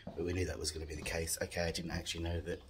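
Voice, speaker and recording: A man's voice: low voice, flat delivery, very fast, slight background noise. A man vlogging on a handheld phone around his house and garden, chatty and giggly, out of breath and tired. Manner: chatty, giggly, self-mocking about being shattered. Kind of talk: casual home vlog.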